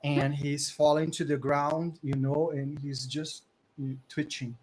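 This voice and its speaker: Game master, male, higher-pitched, searches for words while narrating. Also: little pitch movement, measured pace, a little mellow, slight background noise, poor audio. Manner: hesitant, many fillers while describing.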